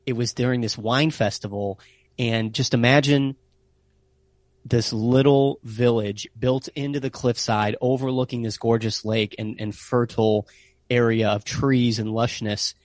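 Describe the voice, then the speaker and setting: An American man casually telling travel stories in an interview, animated and sprinkling in playful Italian phrases. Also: medium pitch, a little slow, no echo. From United States. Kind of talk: casual storytelling chat.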